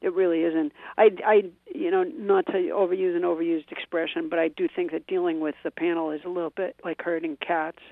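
Gravelly middle-aged woman on a tinny phone line. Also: lowish voice, level tone, fairly quick, few pauses, no echo. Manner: rambling, self-deprecating humor. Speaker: comedian and quiz show panelist. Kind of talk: radio interview storytelling.

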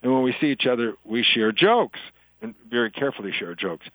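An older man talks as an interview guest, in a chatty storyteller's way. His voice gets animated when he delivers punchlines. The room sounds dry and close. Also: medium pitch, fairly quick, no room sound, rough recording. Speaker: author and guest. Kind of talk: interview conversation, telling jokes.

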